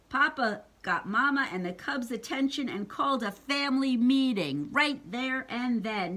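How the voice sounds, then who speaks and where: Slow, animated woman reading a storybook. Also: on the high side. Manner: playful, asks the listener questions. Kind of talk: reading a picture book aloud to a child.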